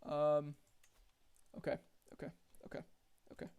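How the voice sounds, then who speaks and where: A man's voice: fairly high pitch, completely flat delivery, measured pace, a little mellow, clean tone. A young man streaming a strategy game, chatting to his viewers, thinking aloud and getting easily exasperated. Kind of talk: casual gameplay commentary to chat.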